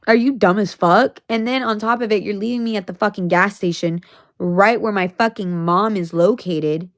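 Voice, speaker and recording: A woman's voice: mid-range voice, normal speed, no room sound. A young woman telling a storytime on her vlog, blunt and profane, talking in a heated rant. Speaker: vlogger.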